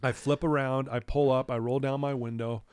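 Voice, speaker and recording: A man's voice: medium pitch, little pitch movement, brisk, a little mellow, smooth, no echo, clean studio sound. A man, a recovery counselor, telling a personal story candidly and with feeling, in his office. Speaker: addiction recovery counselor, guest.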